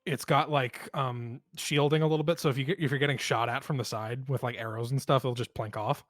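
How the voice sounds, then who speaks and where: A man narrating as game master in a relaxed, rambling way with many fillers. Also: mid-range voice, brisk, no room sound, studio quality.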